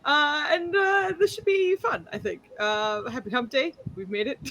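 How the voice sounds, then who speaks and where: A woman's voice: high-pitched, a little slow, a bit bright, lo-fi sound. A woman introducing her tabletop character, giggly and scatterbrained. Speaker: player. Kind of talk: casual tabletop chat.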